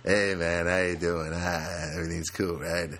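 A man voicing his laid-back, mellow upstairs neighbor with an easygoing drawl. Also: sits low, level tone, moderate pace, pitched below the performer's own voice.

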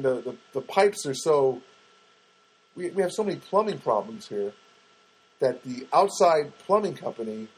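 Husky-voiced man telling a rambling story. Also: mid-range voice, darkish tone, low-quality recording. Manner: digressive, wry, full of restarts and acted-out quotes. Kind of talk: rambling anecdotal monologue.

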